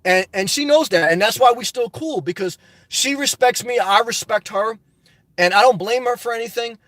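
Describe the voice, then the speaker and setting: A middle-aged man hosting a live stream reads his viewers' comments aloud and answers them, chatting casually before slipping into passionate rants. His voice is high and a bit bright, at a moderate pace. The recording is dry and close, with no room echo.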